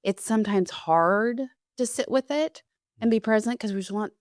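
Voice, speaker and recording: A woman's voice: a little high, normal speed, no room sound, studio quality. A woman hosting a podcast, telling a personal story candidly in conversation. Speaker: podcast host and fitness instructor.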